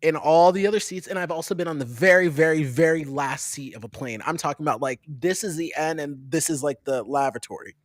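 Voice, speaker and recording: A talk show host in a casual chat, laughing, asking quick questions and ranting lightly. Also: medium pitch, no room sound, clean studio sound.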